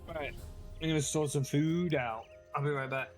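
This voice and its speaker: A man's voice: fairly high pitch, moderate pace. Midlands guy, co-streamer, hesitant casual chat, faint music behind. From English Midlands. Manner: hesitant, loose, with fillers like "like".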